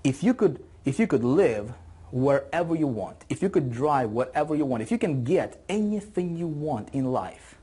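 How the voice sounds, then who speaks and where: A man's voice: medium pitch, sing-song, normal speed, dark tone, breathy edge. A man teaching an online marketing course in a motivational video lesson, talking with energy and enthusiasm and repeating phrases for emphasis.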